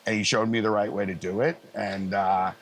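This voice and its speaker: A middle-aged man, a live sound engineer, telling lively, easygoing stories in a casual interview and acting out other people's lines. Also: on the low side, moderate pace, a little hiss or hum. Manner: animated anecdotes, acting out others' lines in a raised voice; frequent fillers and restarts, easygoing.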